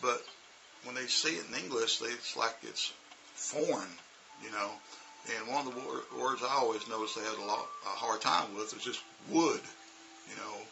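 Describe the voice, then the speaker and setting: A man's voice: mid-range voice, moderate pace, creaky, highs cut off, noisy background. A man, an English teacher, telling a casual, rambling story full of "you know" and "uh". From United States.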